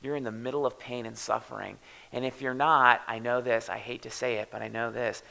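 Gravelly-voiced pastor preaching a sermon. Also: male voice, mid-range voice, little pitch movement, brisk, rough recording. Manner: conversational, with restarts and soft, hushed stretches. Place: church.

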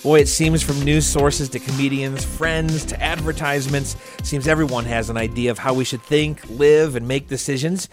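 A man's voice: mid-range voice, steady tone, moderate pace, few pauses, music in the background. A man hosting a church podcast, joking around and reading a listener's question aloud. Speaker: podcast host. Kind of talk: casual church podcast chat.

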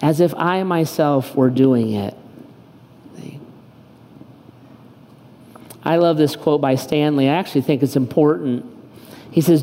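A man's voice: a little high, mellow, long reverb tail. A man preaching a sermon as pastor, in an impassioned, emphatic way with lots of repetition. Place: church auditorium.

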